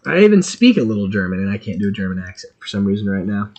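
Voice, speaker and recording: Male streamer, lively up-and-down delivery, excitable, thinks aloud as he plays. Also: lowish voice, rapid-fire, muffled recording. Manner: chatty, excitable, thinking aloud while playing. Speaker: gaming streamer. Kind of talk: casual game-stream chatter.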